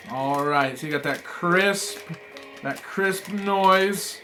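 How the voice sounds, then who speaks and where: A man reviewing trading cards in a casual vlog, rambling and swearing, swinging between mumbled asides and excited outbursts. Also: high-pitched, takes it slowly, faint music behind. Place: apartment room.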